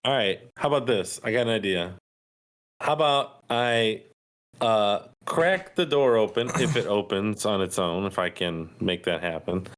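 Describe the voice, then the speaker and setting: A man's voice: lowish voice, expressive, a little slow, fairly bright tone. A man talking casually as a player in a tabletop game, easygoing and thinking aloud.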